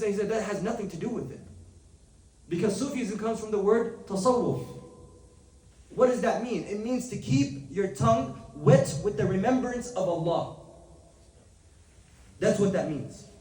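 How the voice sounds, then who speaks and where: High-voiced male teacher in an echoey room. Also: a little mellow. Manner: conversational, asks the class questions, switches to rapid text reading. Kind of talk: classroom lesson. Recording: echoey room, mic at a distance.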